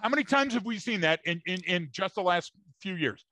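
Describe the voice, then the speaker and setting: Bright, emphatic man on a podcast. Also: high-pitched, expressive, brisk, dry recording. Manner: emphatic, storytelling, repeats words. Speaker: podcast co-host. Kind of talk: casual podcast chat.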